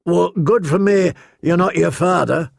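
A man reading as a blunt, mocking sellsword from a fantasy story. The voice is pitched up and gravelly, close and dry. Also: a little slow, no echo, heavily acted. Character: cocky, mocking male sellsword.

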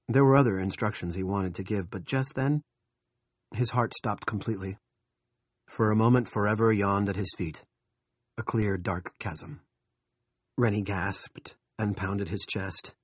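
Husky, low-voiced male audiobook narrator. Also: dry recording, clean studio sound. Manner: measured, steady storytelling. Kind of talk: scripted narration.

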